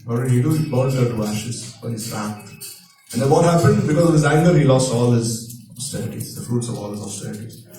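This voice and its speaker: A man's voice: mid-range voice, animated, brisk, dark tone, soft background music. A man giving a sermon, telling scripture stories in a questioning, hesitant way and answering his own questions. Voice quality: frequent hesitations, repeats words. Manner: asks questions and answers them himself. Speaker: speaker giving a religious discourse. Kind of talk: sermon storytelling. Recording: echoey room, voice far from mic.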